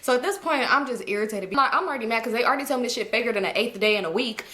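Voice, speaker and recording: A woman tells a funny personal story in loose, slangy talk, laughing her way through the details. Her voice sits a little high. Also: animated, very fast, bright, forceful tone. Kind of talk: casual storytime.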